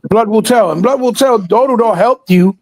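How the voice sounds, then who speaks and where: A man's voice: sits high, moderate pace, gravelly, darkish tone, no echo, low-quality recording. A man co-hosting a casual gaming chat, ranting and swearing in exasperation. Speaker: podcast co-host.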